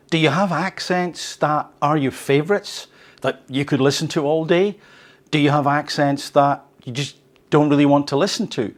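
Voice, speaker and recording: A man hosting a talk, reading news excerpts and thinking aloud with questions for his listeners. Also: medium pitch. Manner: thoughtful, asks listeners questions. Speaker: host.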